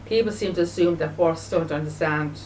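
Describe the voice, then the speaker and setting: Emotional woman talking haltingly, mic set back. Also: low voice, darkish tone, far from the mic, a little hiss or hum, poor audio. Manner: halting, repetitive, many fillers and restarts. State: emotional, grieving. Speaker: video blogger. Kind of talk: casual spoken remembrance.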